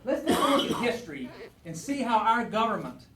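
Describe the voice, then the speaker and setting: A man with a high-pitched, sing-song voice talks fairly quickly as a guest speaker at a veterans event, telling a story before becoming earnest and folksy. Background noise and faint ambience fill the echoey room.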